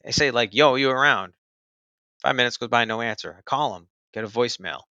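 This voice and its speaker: A quick-paced man with a medium-pitched, pushed and bright voice loosely narrates something that happened to him, filling it with "like" and "you know." The recording is dry and muffled.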